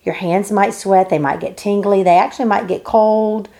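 A woman in the middle of her pitch range talks through a lesson with earnest emphasis. She stresses her key words, and now and then she slips into the voices of the people she quotes. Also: steady tone, normal speed, warm tone. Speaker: teacher. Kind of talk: explanatory teaching talk.

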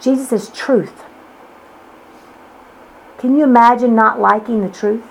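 A woman preaches a teaching sermon, using emphatic, repetitive phrasing and rhetorical questions for her listeners. Her voice is fairly high, creaky, and unhurried, captured in a rough recording.

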